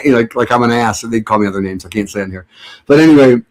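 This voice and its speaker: A man's voice: mid-range voice, quick pace. Sarcastic rambling middle-aged man. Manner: sarcastic, joking, rambling with restarts. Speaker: livestream host. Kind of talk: casual rambling chat to viewers.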